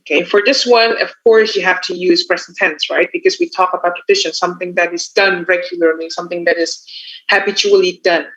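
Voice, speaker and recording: A tutor with an Indonesian accent talks through exam tips in a loose, casual way. Phrases keep ending with a quick "yeah" or "you know". The voice sits at a middle pitch, and the recording sounds muffled and lo-fi. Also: steady tone, fairly bright tone. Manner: chatty, tacks on frequent "yeah" and "you know". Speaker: English test tutor. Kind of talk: casual teaching talk. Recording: dull lo-fi recording.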